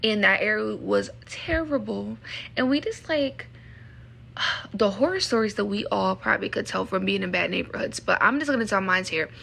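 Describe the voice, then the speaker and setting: Frank woman with a gravelly voice. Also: mid-range voice, moderate pace, bright, forceful tone. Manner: venting, emphatic, frank. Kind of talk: candid personal storytelling.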